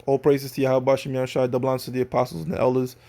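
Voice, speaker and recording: Speaking at a racing clip, a religious teacher walks through scripture using casual street slang and keeps checking that his listeners are with him. His medium-pitched voice stays level in tone, with a creaky, mellow quality.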